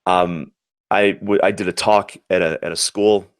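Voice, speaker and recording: A smooth, low male voice holds a steady tone and measured pace in a dry studio recording. The man, an American in his forties who once competed in the Olympics, tells reflective, earnest stories in an interview and often restarts what he's saying.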